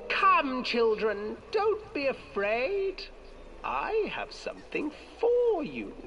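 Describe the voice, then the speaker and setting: Man doing a shrill old witch from a storybook. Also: wildly swooping pitch, lo-fi sound, background noise, heavily acted. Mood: coaxing. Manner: shrill, drawn-out crooning voice. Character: cruel cackling old witch, greedy and coaxing. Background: music.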